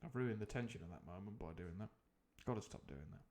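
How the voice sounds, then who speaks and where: A man's voice: fairly low pitch, expressive, quick pace, darkish tone. Rambling man reading aloud with jokes. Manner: rambling and jokey, full of tangents and fillers. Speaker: streamer reading a novel aloud. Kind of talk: live book reading with comic asides.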